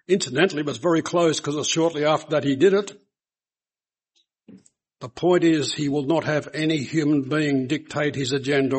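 A man's voice: on the high side, normal speed, breathy edge, low-quality recording. A man preaching a sermon to a congregation, speaking earnestly and putting rhetorical questions to his listeners.

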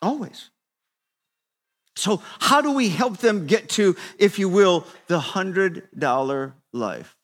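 A man in his fifties preaching a sermon to a room, conversational and repetitive, swinging between quiet asides and emphatic, raised exhortation. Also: sits high, expressive, slow pace, hardly any pauses. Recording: long reverb of a large hall.

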